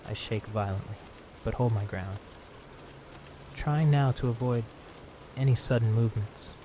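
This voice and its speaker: A man narrating a horror story in a calm, slow, hushed tone, meant for falling asleep. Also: medium pitch, slight background noise, low-quality recording. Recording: steady rain sound behind.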